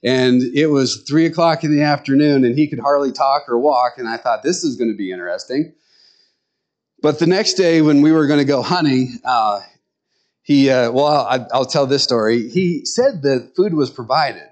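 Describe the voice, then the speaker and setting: A man preaching with a Nebraska accent, his pitch sitting in an ordinary middle range. He tells stories in a relaxed, folksy way, wandering off and restarting his sentences as he goes. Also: moderate pace. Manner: folksy, rambling storytelling with restarts.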